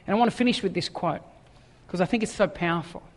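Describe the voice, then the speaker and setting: Fast-talking preacher in an echoing hall. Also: male voice, sits high. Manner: animated storytelling, acting out quoted voices. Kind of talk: sermon. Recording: long echoing hall reverb.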